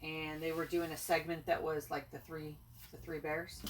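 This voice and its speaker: A woman's voice: deep voice, level tone, moderate pace. A woman casually telling a funny family story to her co-host, laughing easily. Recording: distant mic with faint noise.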